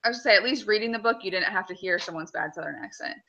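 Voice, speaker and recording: A woman's voice: medium pitch, racing, gravelly, bright, forceful tone, highs cut off. A woman with a Kentucky accent, co-hosting a casual book club chat, agreeable and easygoing.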